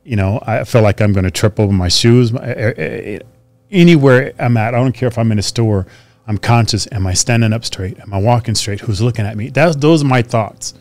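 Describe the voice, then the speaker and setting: A man's voice: on the low side, a little fast, a little mellow, dry recording. A man speaking as a podcast guest, telling candid and emphatic stories about himself in an earnest, confessional way. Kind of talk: candid interview storytelling.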